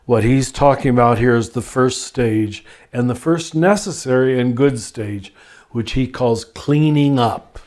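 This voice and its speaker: An older man, a spiritual teacher, answering listener questions in a gentle, unhurried and reflective podcast conversation. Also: medium pitch.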